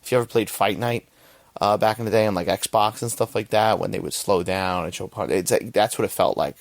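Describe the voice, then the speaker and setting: A man's voice: on the low side, a little fast, gravelly, dry recording. A young man hosting a podcast, giving a rambling, profane casual movie review and often checking in with "right?". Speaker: podcast host.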